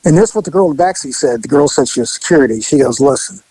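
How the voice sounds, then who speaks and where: Male podcast storyteller, relaxed and wry, higher voice, dry booth sound. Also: very fast, breathy edge, no room sound, rough recording. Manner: laid-back, wry storyteller. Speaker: co-host telling a story.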